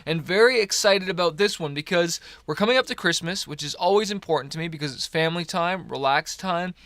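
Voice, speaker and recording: A man's voice: on the high side, fairly quick, fairly bright tone, no echo. A man in his thirties from Canada, hosting a motivational podcast in a rambling, encouraging way, tired early in the morning. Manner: upbeat, rambling, encouraging, with many fillers. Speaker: podcast host. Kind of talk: casual motivational podcast talk.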